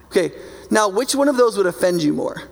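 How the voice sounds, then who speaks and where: Gravelly high-voiced male preacher. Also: animated, fairly quick, big-room sound. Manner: conversational and emphatic, keeps asking "right?". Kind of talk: sermon.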